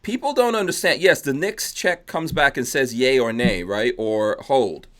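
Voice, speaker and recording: A man's voice: mid-range voice, lively intonation, normal speed, fairly bright tone. A man hosting a podcast, chatting loosely and reading out viewer comments. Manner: loose and joking, trails off and restarts. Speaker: podcast host.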